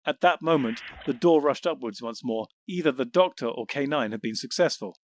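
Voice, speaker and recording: A man reading audiobook narration in a measured, descriptive way. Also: mid-range voice, expressive, no echo. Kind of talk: scripted narration.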